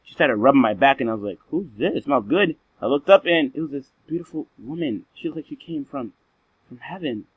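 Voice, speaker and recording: A man's voice: mid-range voice, no room sound. Slangy boastful guy, lo-fi dry recording. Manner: boastful, slangy, playful exaggeration. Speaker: vlog storyteller. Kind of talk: casual comic storytelling.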